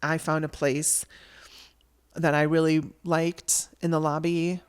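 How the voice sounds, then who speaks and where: A woman's voice: deep voice, little pitch movement, slow pace, clean tone. A woman telling a personal story on her podcast, in a candid and conversational way. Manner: candid, conversational, with restarts and blunt language.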